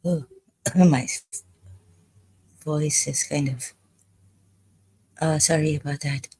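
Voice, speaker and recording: A woman talking in a rambling livestream monologue, hesitant and halting, pausing often. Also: low voice, fairly even intonation, dark tone. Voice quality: husky. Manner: halting, hesitant, full of pauses. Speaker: live streamer.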